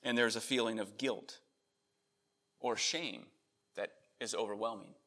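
A man preaching a sermon, earnest, rising in emphasis on key points and then softening. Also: fairly low pitch, unhurried. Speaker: pastor. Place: church in Connecticut.

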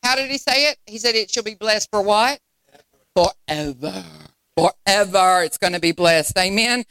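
A middle-aged woman, preaching a sermon and telling a story with lively acted-out quotes. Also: mid-range voice, normal speed, clear, resonant tone, dry recording, poor audio.

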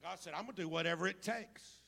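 A male preacher in a sermon, swinging from easy storytelling to loud, fervent calls. His voice sits high and bright, with a gravelly fry at the bottom. The sound rings with the long reverb of a church hall. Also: quick pace. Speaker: pastor.

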